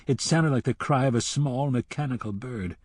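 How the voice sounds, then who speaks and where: A man reading an audiobook novel in measured narration, dropping to a hush at times. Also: medium pitch, no room sound.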